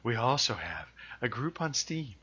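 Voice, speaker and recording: Podcast cohost dude, dry jokes, husky but sharp voice, dull lo-fi sound. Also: male voice, mid-range voice, big pitch swings, measured pace. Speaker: podcast co-host. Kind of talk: casual podcast chat.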